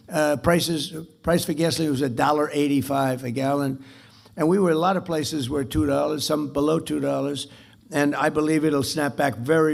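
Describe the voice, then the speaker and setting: A man with a slightly raised pitch talks at a club dinner. His voice has a gravelly edge. He rambles off-script, repeats phrases and boasts as he goes. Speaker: dinner speaker. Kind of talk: off-the-cuff political speech.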